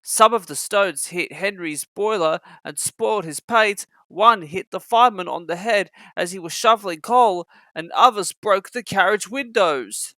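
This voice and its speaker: A man reading a children's storybook aloud, expressive and acting out every character. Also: high voice, unhurried, hardly any pauses, no echo. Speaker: narrator.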